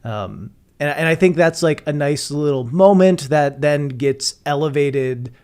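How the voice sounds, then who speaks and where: A man's voice: a little high, measured pace, darkish tone. Guy rambling thru a show analysis on a podcast, lots of likes and you knows. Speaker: podcast co-host. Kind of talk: casual podcast chat.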